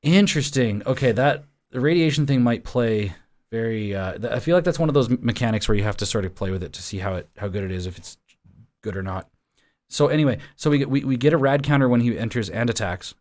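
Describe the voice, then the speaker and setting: A man in a loose, casual podcast chat, stopping and starting as he reads card rules aloud. His voice sits at a middling pitch. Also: animated, a little mellow. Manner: reads card text aloud, halting with fillers. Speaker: podcast host.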